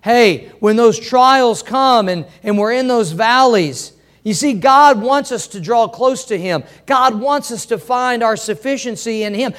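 A man. He preaches in a folksy, storytelling manner, rising to loud emphatic passages and then dropping to quiet ones. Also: very high voice, moderate pace, smooth. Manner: folksy storytelling preacher with wide swings in loudness. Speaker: pastor. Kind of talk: sermon.

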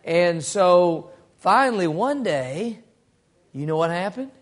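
A man's voice: sits high, expressive, slow. A man teaching a Bible study to a group, folksy and storytelling, asking the room questions. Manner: folksy storytelling with acted quotes.

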